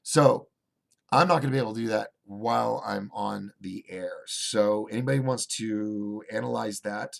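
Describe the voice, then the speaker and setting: A man hosting a casual livestream, reading viewer chat aloud and rambling through restarts and fillers, swinging between excited bursts and low asides. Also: moderate pace, vocal fry. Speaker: host of a call-in livestream show.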